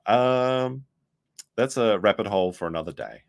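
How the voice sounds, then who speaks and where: A man's voice: lowish voice, expressive, moderate pace, vocal fry. A man giving sarcastic, rambling commentary on clips as a streamer. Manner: sarcastic, rambling, mimics others in quotes.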